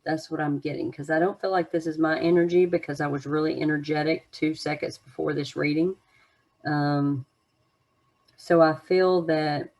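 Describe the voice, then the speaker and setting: A woman's voice: deep voice, a little mellow. A woman giving an unscripted oracle card reading to her viewers, musing in a meandering way with many fillers.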